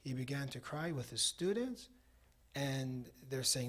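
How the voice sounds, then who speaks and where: A man preaching at a mosque on a Ramadan night. He tells a story in a relaxed, conversational way, with many "you know" asides, and closes with a prayer. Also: medium pitch, measured pace. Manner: ends with a supplication. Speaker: cleric giving a Ramadan night talk. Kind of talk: sermon with storytelling.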